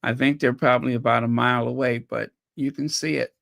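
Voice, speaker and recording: A woman's voice: very deep voice, steady tone, fairly quick, gravelly, no echo, studio quality. A woman hosting a fan channel livestream, chatting casually, thinking aloud and reading out viewer comments. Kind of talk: casual chat reacting to clips and viewer comments.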